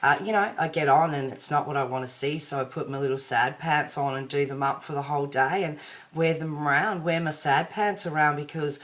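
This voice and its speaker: Low-voiced chatty Australian woman. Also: fairly quick, a bit bright. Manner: chatty, rambling, self-deprecating. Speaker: vlogger. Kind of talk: casual diet vlog to viewers.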